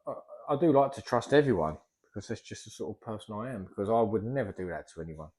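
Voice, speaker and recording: A man's voice: fairly low pitch, expressive, fast talker, a little mellow, breathy edge. A middle-aged man, a plasterer chatting casually in a vlog as he works and rambling off topic. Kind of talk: casual vlog talk while working.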